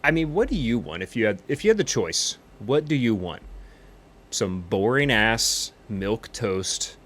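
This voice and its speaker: A man with a lowish voice rambling through an improvised comedy monologue as a pilot. He tells his story in a cocky, boastful, meandering way, full of bravado. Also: very animated, measured pace, fairly bright tone. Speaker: comedic pilot character in a flight game stream.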